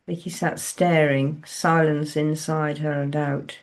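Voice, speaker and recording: A woman author reads from her own novel in a low voice. She takes it very slowly and keeps the narration measured and restrained. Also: flat delivery. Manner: slow, measured, low-key.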